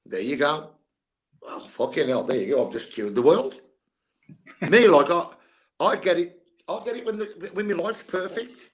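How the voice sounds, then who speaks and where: An older man, a guest sports coach, tells blunt, candid stories and swears freely in a candid storytelling chat. His voice is a little high and his pace moderate.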